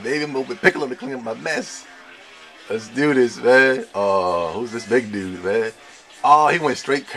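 A young man giving live gameplay commentary, trash-talking his opponents with slang and an excitable manner. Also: mid-range voice, vocal fry. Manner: excitable trash talk with slang, shouts and laughs. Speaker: gamer playing online.

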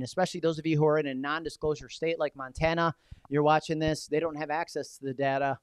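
Punchy, energetic male sales coach. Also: a little high, quick pace, clean tone, no room sound. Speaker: real estate coach. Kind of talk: training seminar talk.

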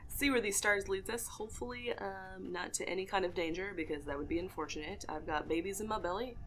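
A woman giving casual, excitable let's-play commentary as she plays, cooing over cute animals. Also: on the low side, normal speed, a little hiss or hum. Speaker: gaming video creator. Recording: game music playing behind.

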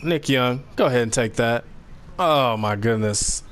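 A young man giving casual, slangy, excitable commentary over a basketball video game, trash-talking the players. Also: medium pitch, unhurried, smooth. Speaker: gaming commentator.

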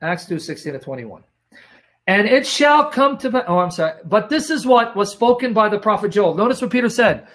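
A man's voice: sits high, animated, a little fast, fairly bright tone. A man teaching the Bible in a sermon style, emphatic and repetitive, often telling listeners to watch and asking if they follow, his throat strained by coughing.

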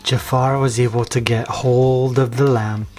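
A man's voice: mid-range voice, level tone, unhurried, darkish tone. Man telling a story in slangy rambling chat. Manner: slangy, rambling, full of likes. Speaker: vlogger. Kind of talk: casual comic storytelling.

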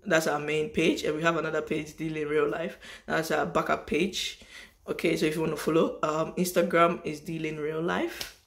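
A man's voice: fairly high pitch, little pitch movement, moderate pace, gravelly, a bit bright. A man talking straight to camera in a motivational vlog monologue, preachy and emphatic, with lots of rhetorical questions. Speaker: vlogger.

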